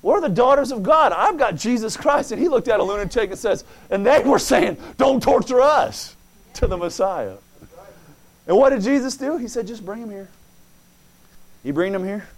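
A preacher man with a high voice delivers a fervent sermon. He reads scripture aloud and acts out quoted voices in dialogue. His delivery moves from hushed asides to ringing exclamations. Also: expressive, brisk. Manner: fervent, swings from soft asides to loud exclamations.

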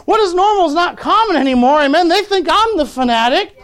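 A man's voice: very high voice, lively intonation, brisk, fairly bright tone. A man preaching a sermon as pastor, repeatedly asking the congregation for an amen, with chuckling asides.

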